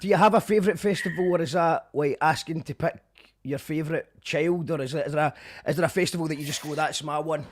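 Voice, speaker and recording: Brief: Scottish male host, high voice, teasing and loose, stumbling into questions. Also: fast talker. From Scotland. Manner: chatty, teasing, restarts questions. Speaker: radio show host. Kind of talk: casual interview chat.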